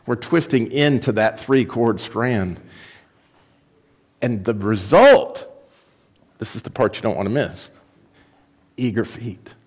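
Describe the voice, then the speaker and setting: A man's voice: slow, pauses often, husky. A man giving a sermon who reads a storybook passage aloud, raising his voice for the girl's lines. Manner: expressive reader, raising pitch for the girl's lines. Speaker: preacher.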